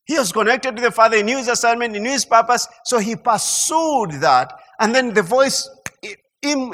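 A man preaching a sermon in an animated way, stammering through restarts and building to emphatic peaks. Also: sits high. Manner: animated, mimics mock prayer sounds and laughs. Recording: long hall reverb.

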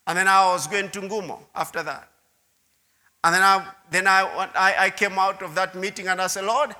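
Recorded with long hall reverb, this preacher shares his testimony, repeating words and turning aside to address the audience. His voice is high-pitched and sharp.

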